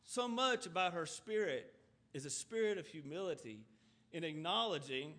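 Guy preaching a sermon, high bright voice, earnest, reads verses then explains em. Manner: earnest, asks rhetorical questions in runs; reads scripture aloud and then explains it in plain talk. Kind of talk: sermon, reading scripture and expounding.

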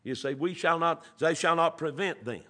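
Male preacher, high-pitched, bright sharp tone, folksy, fervent. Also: normal speed. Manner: swings from quiet teaching to loud fervent preaching; folksy, filler-laden delivery. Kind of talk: sermon.

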